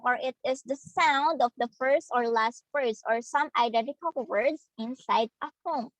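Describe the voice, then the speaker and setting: Slow, careful young Filipino teacher. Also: female voice, high-pitched, fairly bright tone, no room sound, rough recording. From Philippines. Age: young adult. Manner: slow, hesitant, explaining to students. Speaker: student teacher. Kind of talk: demo class lesson.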